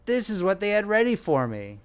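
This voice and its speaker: A querulous old man who has just been born, as a male narrator puts him on, speaking in a cracked, quavering whine. He sounds peevish and shrill, his voice pitched well above the narrator's own and swooping as he complains. This is storybook audiobook acting. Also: sing-song, fairly quick, clear, resonant tone.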